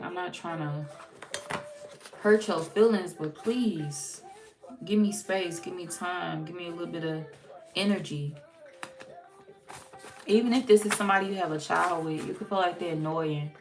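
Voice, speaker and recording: Low gravelly woman reading tarot. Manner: chatty, acts out quoted dialogue, swears. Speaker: tarot reader.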